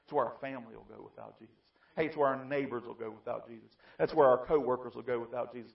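A man preaching a fiery sermon, moving between quiet pleading and loud shouting. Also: medium pitch, fast, gravelly. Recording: distant, dull lo-fi mic.

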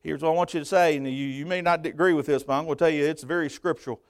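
A pastor preaching from the pulpit, his high voice climbing into loud emphatic bursts. Between them he drops into quieter, chatty asides. A gravelly edge runs through it all. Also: fairly even intonation, rapid-fire, no room sound. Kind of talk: sermon. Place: church pulpit.

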